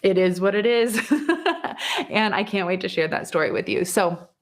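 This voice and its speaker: A woman in her thirties hosting a podcast, telling a personal story in a chatty, animated way and laughing often. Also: normal speed. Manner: chatty, animated, laughs often, jumps pitch for quoted speech. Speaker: podcast host and psychic medium. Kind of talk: casual storytelling monologue.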